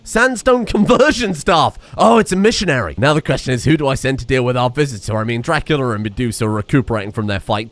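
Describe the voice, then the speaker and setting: A man giving excitable, sarcastic commentary over a game, scolding the characters as he plays. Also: medium pitch. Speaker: streamer.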